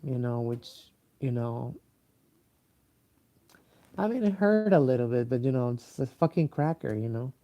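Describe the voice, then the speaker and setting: Sleepy, gravelly man. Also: medium pitch, dull audio. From Mexico. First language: Spanish. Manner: halting, many fillers and restarts, profane. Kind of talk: rambling casual monologue.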